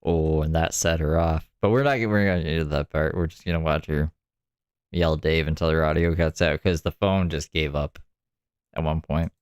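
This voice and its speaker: A very low, smooth male voice, amused and loose as he narrates clips. The sound is dry and close, with no room in it. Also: fairly even intonation, normal speed, no room sound. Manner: amused, laughs often, loose storytelling. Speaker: commentator reacting to clips. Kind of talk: casual commentary.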